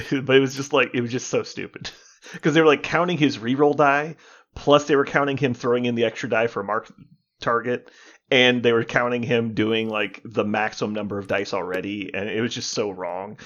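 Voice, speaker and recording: A man's voice: mid-range voice, normal speed, fairly bright tone, dull audio. A man co-hosting a podcast in casual gaming chat, explaining at length, swearing and laughing as he talks. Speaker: podcast co-host.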